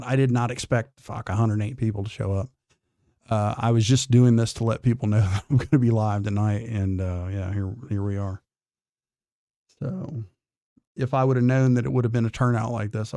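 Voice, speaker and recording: A gravelly, dark-toned man chats on a morning livestream, reading comments aloud. He is blunt, profane and defiant, drawling through false starts, and his voice sounds close and dry. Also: medium pitch, no echo. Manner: drawling, with restarts. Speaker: livestream host.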